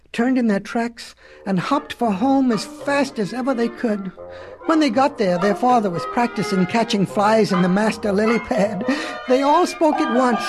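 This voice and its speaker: A storyteller reading a fable aloud to children in a dramatic, expressive way with playful asides. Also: medium pitch.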